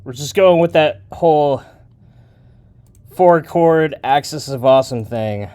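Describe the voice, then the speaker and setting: A man's voice: on the high side, slow pace, a little mellow, clear, resonant tone. A man thinking aloud and joking as he makes a beat, with a rambling, offhand manner. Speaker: music producer. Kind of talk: casual talk while making a beat.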